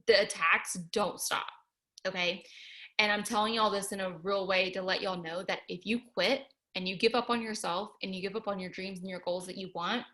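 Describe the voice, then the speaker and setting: Bright chatty young woman. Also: fairly low pitch. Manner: earnest, chatty, heavy use of "like" and "y'all". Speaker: motivational speaker. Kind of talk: casual motivational talk.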